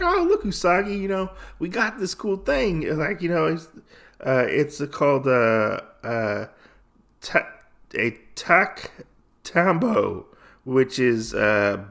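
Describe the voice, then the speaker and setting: A man's voice: medium pitch, gravelly, a bit bright. A man hosting a podcast, casually recapping a comic story with lots of fillers and restarts. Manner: rambling, filler-heavy storytelling. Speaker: podcast host.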